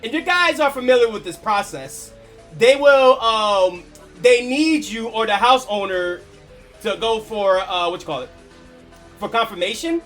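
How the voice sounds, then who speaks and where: A man with a very high, bright voice chats casually with his stream viewers, spinning a story in an animated, chuckling way and swearing freely. Faint game music plays under his talk. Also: unhurried.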